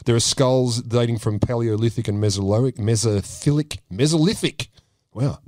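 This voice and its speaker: A man's voice: mid-range voice, fairly even intonation, fairly quick, darkish tone, no room sound, studio quality. A man co-hosting a comedy podcast, swearing and joking while explaining, with a numb lip from a filling. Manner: crude, jokey, swears often. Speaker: podcast co-host. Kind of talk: casual comedic chat.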